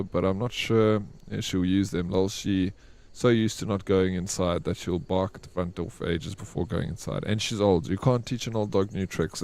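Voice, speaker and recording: A man's voice: low voice, vocal fry, darkish tone. A man, chatting casually with his live-stream audience while playing a game. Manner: rambling, chatty, answers chat.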